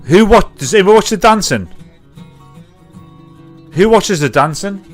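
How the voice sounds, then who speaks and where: Brief: male host, slightly high voice, loud and sweary, mocking banter, faint music under. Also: animated, measured pace. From North East England. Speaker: livestream host. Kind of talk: casual chat reacting to clips.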